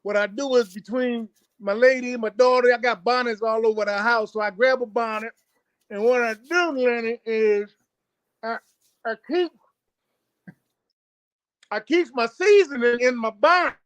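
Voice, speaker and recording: A man's voice: extremely high pitch, moderate pace, pauses often, fairly bright tone, smooth, dry recording, highs cut off. A man in his fifties from Baltimore, a joking, playful guest on a talk stream.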